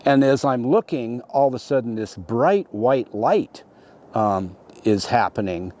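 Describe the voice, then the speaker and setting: A middle-aged man, an interview guest, telling a story in a rambling, halting way, full of restarts and "you know". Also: mid-range voice, lively intonation, darkish tone. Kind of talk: conversational storytelling.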